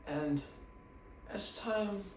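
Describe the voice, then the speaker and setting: Slow low-voiced dude rambling crude jokes, far off mic, super echoey room, noisy. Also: male voice. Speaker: vlogger. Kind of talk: casual vlog chat. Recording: distant echoey room with noise.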